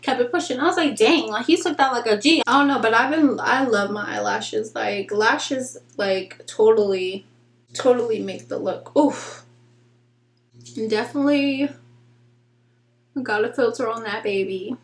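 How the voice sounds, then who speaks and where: A young woman vlogging casually while doing her makeup, frank and slangy, acting out conversations in animated storytelling. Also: a little high, unhurried. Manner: chatty, animated storytelling with acted-out quotes. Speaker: beauty vlogger. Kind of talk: casual get-ready-with-me chat. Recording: echoey room.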